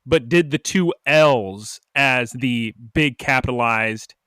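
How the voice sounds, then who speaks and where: Taking it slowly, this man's mid-range voice sounds a bit bright, clear, and resonant, with no room sound and clean studio quality. He co-hosts a podcast, casually recapping an episode and dropping into small character voices.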